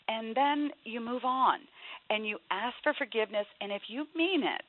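A woman's voice: a little high, normal speed. A woman in her fifties, an author giving earnest, emphatic parenting advice as an interview guest. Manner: emphatic, earnest advice, drops to a soft voice for quoted pleas. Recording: tinny phone line.

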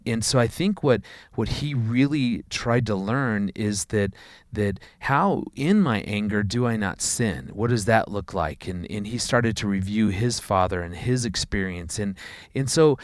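A man, a father of four, telling a personal story in a conversation, earnest and halting, often repeating words. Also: on the low side, no echo, clean studio sound.

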